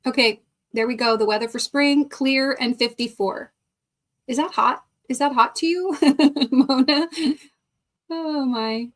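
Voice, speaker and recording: A middle-aged woman talks through a live stream at an easy, unhurried pace, her voice sitting a little high. She greets viewers one by one and laughs often between comments, close to a desk mic. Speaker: livestream host. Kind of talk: casual chat reading live comments.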